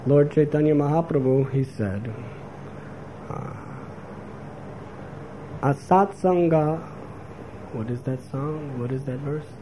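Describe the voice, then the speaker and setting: Mellow-voiced man preaching a sermon. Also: fairly high pitch, slow, long pauses, low-quality recording. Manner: animated, acts out quoted voices. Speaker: spiritual teacher. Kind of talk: sermon lecture. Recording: faint background noise.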